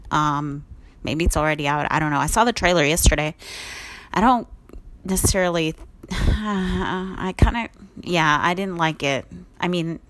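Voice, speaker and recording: Woman podcast host, lower-pitched, encouraging and chatty, loose off-the-cuff delivery. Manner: upbeat, encouraging, rambling with restarts. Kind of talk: casual motivational talk.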